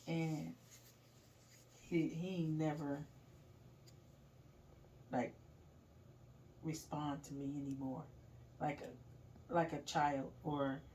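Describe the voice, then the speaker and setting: A middle-aged woman casually telling a story, animated, laughing and swearing as she goes. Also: deep voice, far from the mic, slight background noise.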